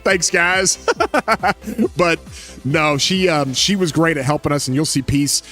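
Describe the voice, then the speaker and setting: A man's voice: on the high side, measured pace, fairly bright tone, faint music behind. A man hosting a casual gaming podcast stream, talking in an enthusiastic, rambling way with frequent restarts. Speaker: podcast host. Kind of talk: casual livestream podcast chat.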